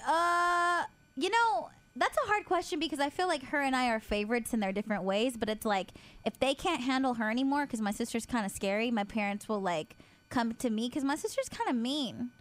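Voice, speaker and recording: Animated woman in her twenties. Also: a little high, brisk. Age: 20s. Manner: animated, acts out family quarrels in voices. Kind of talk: casual chat.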